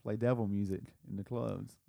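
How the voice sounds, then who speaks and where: A man's voice: fairly low pitch, fairly even intonation, normal speed, vocal fry, dark tone, no echo, clean studio sound. A man from the American South co-hosting a podcast, telling a family story in a rambling way with restarts and laughs. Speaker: podcast co-host. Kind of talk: casual chat.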